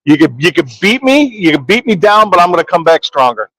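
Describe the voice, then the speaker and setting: High-voiced joking man, dry sound. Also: very animated, a little fast, a bit bright, no echo, rough recording. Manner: jokey, playful, delivers motivational quotes. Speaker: podcast co-host. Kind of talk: casual banter. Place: trade show floor.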